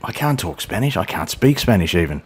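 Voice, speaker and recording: A man's voice: low voice, big pitch swings, brisk, husky. A middle-aged man hosting a flight sim video, chatty and self-deprecating, joking with a silent co-pilot as he flies. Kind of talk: casual gameplay commentary.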